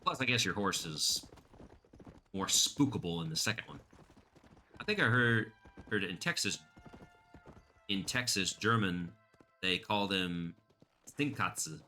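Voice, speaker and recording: A male streamer rambles through casual commentary while he plays. He talks to his chat and drifts from topic to topic. His voice sits low, with a strikingly sharp, bright edge. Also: expressive, measured pace, long pauses, faint music behind. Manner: rambling, chatty, reads chat aloud.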